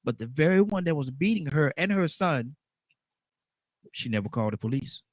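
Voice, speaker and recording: A man's voice: on the high side, expressive, moderate pace, no echo, clean studio sound. A man hosting a call-in radio talk show, playful and affirming as he steers callers.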